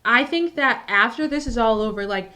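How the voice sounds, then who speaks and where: Young woman host, bright tone, chatty and animated, says like a lot. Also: on the high side, moderate pace. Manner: animated storytelling, many "like" fillers. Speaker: podcast host. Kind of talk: casual chat.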